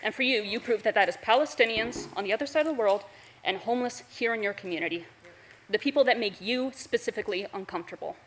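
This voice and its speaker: A woman's voice: fairly high pitch, quick pace, fairly bright tone. Scathing woman at the public comment mic. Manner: scathing, cutting, profane. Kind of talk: public comment at a council meeting. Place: council chamber.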